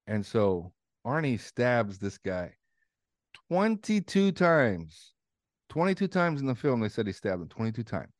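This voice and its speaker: A man co-hosting a podcast, retelling a documentary in casual, animated chat and swearing freely. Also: lowish voice, moderate pace, hardly any pauses, no room sound, clean studio sound. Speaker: podcast co-host.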